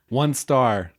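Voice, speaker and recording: A man's voice: on the high side, no echo, studio quality. A man co-hosting a film podcast in casual, irreverent chat, joking and swearing freely. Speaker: podcast co-host.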